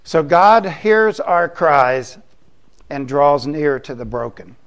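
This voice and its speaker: A middle-aged man delivers a sermon from the pulpit. He speaks slowly and with deliberate emphasis, his voice set somewhat high, and he circles back to the same phrases to drive them home. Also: expressive, fairly bright tone, clear, resonant tone. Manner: slow, emphatic preaching with repeated phrases. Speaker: pastor.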